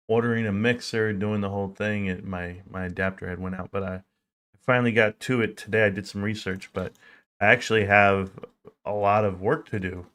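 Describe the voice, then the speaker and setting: A man hosting a market livestream, talking casually and joking, sometimes acting out other people in a raised voice. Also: fairly low pitch. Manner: animated, acts out quoted people in a raised voice; joking, conversational with fillers. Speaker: stock market livestream host.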